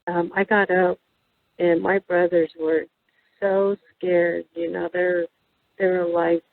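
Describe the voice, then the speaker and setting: A woman's voice: lowish voice, flat delivery, slow, creaky, slight background noise. A woman from New Mexico telling a story as a guest, rambling and hesitant with many ums and restarts. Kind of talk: casual storytelling in an interview. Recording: tinny phone-line sound, dry.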